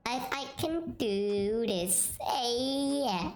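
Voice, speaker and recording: A streamer's voice run through a voice changer filter, silly chatter full of shouted nonsense words. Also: high voice, sing-song, slow, echoey room.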